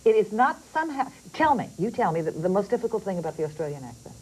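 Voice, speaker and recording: A woman's voice: medium pitch, big pitch swings, quick pace, a little mellow, slight background noise, low-quality recording. A woman host interviewing guests in a TV studio, chatty, often repeating words as she steers the conversation. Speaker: TV talk show host. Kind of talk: casual TV interview.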